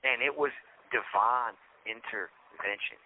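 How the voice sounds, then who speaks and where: A man's voice: mid-range voice, takes it slowly. Male podcast host, defiant and blunt, recorded over a prison phone. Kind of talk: podcast monologue. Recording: tinny prison phone line.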